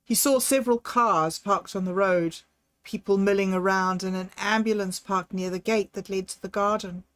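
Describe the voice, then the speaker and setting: A woman narrating a novel aloud in a slow, measured storytelling voice. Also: medium pitch, fairly even intonation, dry recording. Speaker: audiobook narrator. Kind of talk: scripted narration.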